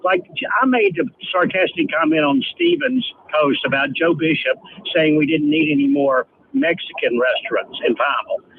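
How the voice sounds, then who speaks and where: Animated caller on a tinny phone line. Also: male voice, on the high side, normal speed, creaky, hardly any pauses, slight background noise. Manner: animated, sarcastic storyteller. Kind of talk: call-in radio chat.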